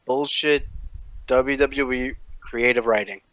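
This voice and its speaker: A man's voice: mid-range voice, steady tone, takes it slowly, a bit bright, no echo. A man on a casual wrestling podcast, talking bluntly and with heavy swearing. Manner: blunt, profane, emphatic.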